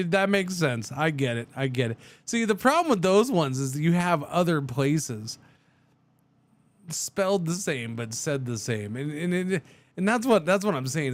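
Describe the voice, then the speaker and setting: A man streaming a truck driving game, chatting casually and thinking aloud with many restarts. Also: on the high side.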